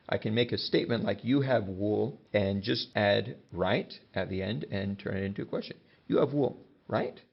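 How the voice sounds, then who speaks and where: A man's voice: fairly low pitch, gravelly, breathy edge. A man teaching a grammar lesson, explaining patiently and working through example sentences. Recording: dull lo-fi sound.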